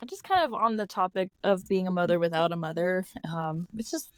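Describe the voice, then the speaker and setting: A woman's voice: lowish voice, very animated, fairly quick, clear, resonant tone, no echo. A woman who is a mother, speaking in a hesitant, thoughtful way as a podcast guest. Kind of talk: casual chat.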